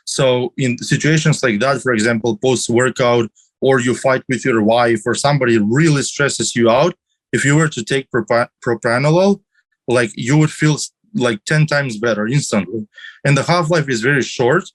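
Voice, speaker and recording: A man's voice: medium pitch, normal speed, rough recording. A man on a podcast explaining things at length, with many restarts and fillers. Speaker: podcast guest. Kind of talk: casual podcast chat about drugs.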